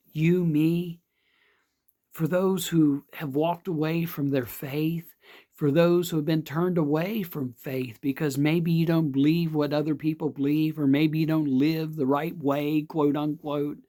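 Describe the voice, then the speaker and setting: Slow, earnest preaching man. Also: on the high side, dark tone. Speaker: pastor. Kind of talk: devotional sermon. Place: outdoor or home setting, not in church.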